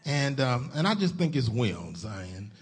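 A man preaching a folksy sermon in a church as a guest preacher, starting soft and building to loud exhortation. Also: medium pitch, sing-song, measured pace, breathy edge.

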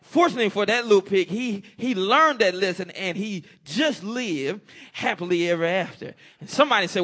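A man's voice: high-pitched, expressive, normal speed, few pauses, pushed and bright. A man preaching a folksy sermon, telling a story and calling out amen.

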